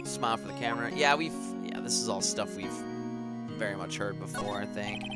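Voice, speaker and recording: A man's voice: lowish voice, a little fast, over loud music. A man casually commenting while playing a game live, laughing at himself in asides. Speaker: streamer. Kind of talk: live let's-play commentary.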